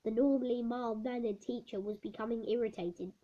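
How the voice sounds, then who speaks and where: A woman's voice: on the high side, steady tone, brisk, mellow. A woman reading a children's book aloud, stumbling over words and correcting herself. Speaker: storybook reader. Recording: dull lo-fi recording.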